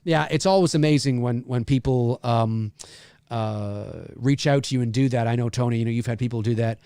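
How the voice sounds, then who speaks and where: A man's voice: medium pitch, moderate pace, mellow, clear, resonant tone, no room sound, studio quality. A middle-aged man from Canada co-hosting a live commentary show, talking in a rambling way full of restarts. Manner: rambling, restarts with "you know". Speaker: podcast co-host.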